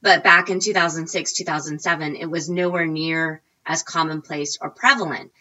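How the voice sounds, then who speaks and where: Bright-voiced woman in her 40s chatting away, kinda lo-fi muffled sound, lots of voice jumps when she quotes people. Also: moderate pace. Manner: animated, acts out quotes with big pitch jumps. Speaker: guest, recipe blogger. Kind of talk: casual storytelling interview.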